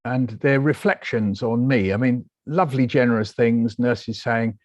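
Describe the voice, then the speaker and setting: A British man, a guest author, telling his story in a lively interview and acting out the voices he quotes. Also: mid-range voice, measured pace, no echo, muffled recording. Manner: animated, acts out quoted voices.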